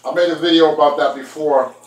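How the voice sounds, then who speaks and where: A man's voice: a little high, fairly even intonation, brisk, roomy sound, low-quality recording. A man chatting casually to his viewers while he makes food in his kitchen, talking to them directly. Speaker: vlogger. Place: home kitchen.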